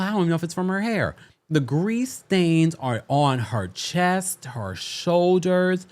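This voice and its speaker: A man hosting a recap show, in casual commentary that is animated and exasperated, with laughing asides. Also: a little high.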